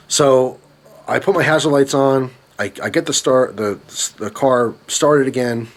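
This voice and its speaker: A man's voice: mid-range voice, measured pace. Young adult male vlogger, angry storytime rant, heated and profane, stumbling restarts. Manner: worked-up, swearing, frequent restarts.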